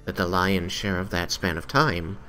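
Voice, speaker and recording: A man playing a nervous, unsure female elf scholar in a tabletop game, speaking haltingly. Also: low voice, pushed and bright, faint music behind.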